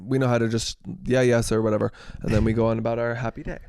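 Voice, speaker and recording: Male podcast co-host, gravelly mid-pitched voice, dry room, lively storyteller. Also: quick pace, dry recording. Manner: animated retelling, acts out others' lines. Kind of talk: casual storytelling chat.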